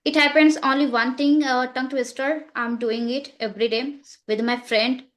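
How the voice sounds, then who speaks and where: A woman chatting casually on a video call, speaking haltingly with many fillers and restarts. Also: sits high, steady tone, a bit bright. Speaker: English learner interviewed about her practice. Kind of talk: casual conversational chat.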